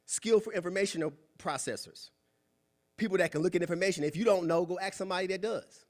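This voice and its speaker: A young man giving a preachy, animated motivational talk at a club meeting, acting out quoted voices. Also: high-pitched, fast talker. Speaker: guest speaker. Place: meeting room.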